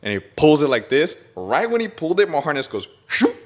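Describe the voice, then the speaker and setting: Excitable young man telling a wild story. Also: a little high, fast. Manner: excited storytelling, swears and laughs a lot. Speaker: podcast host. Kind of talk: casual chat.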